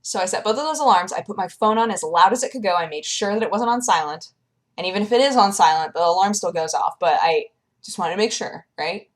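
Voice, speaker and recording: A young woman chatting casually in a vlog, lively and animated, acting out the people she quotes in a higher voice. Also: fast talker. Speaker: vlogger.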